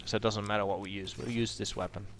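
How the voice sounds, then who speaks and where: A man's voice: lowish voice, flat delivery, quick pace, a bit bright, soft background music. Casual man narrating his game playthrough. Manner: reads game text aloud, with trailing asides. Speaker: let's play host.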